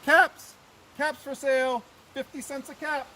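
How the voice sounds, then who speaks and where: A man reading a storybook aloud, voicing an angry cap peddler who scolds and shouts. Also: very high voice, flat delivery, a little slow, slight background noise, voice pushed up, full character voice. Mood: calling out.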